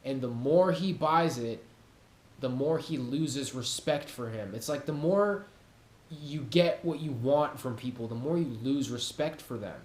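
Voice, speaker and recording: A man's voice: mid-range voice, measured pace, a little mellow, reverberant. A man hosting his own channel, talking casually and rambling, swearing often and laughing at his own jokes. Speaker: YouTube channel host. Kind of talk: casual monologue to camera. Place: home room with cats.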